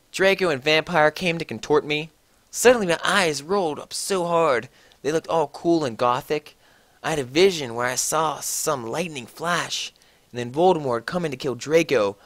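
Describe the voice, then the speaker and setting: A man's voice: fairly high pitch, fairly bright tone, dry recording. A man giving a mocking, exaggerated comedic reading of fan fiction, swearing freely. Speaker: reader.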